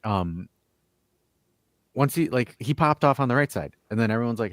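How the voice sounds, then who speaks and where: A man's voice: mid-range voice, lively intonation, moderate pace, pauses often, dry recording, studio quality. A man hosting a casual call-in sports podcast, reading viewer comments and arguing his point with lots of stammered restarts. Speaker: host.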